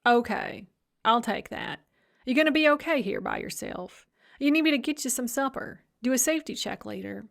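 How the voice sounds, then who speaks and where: A woman voicing a blunt, caring female friend who talks in a brisk, gruff, clipped way. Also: fairly high pitch, big pitch swings, fairly bright tone, full character voice.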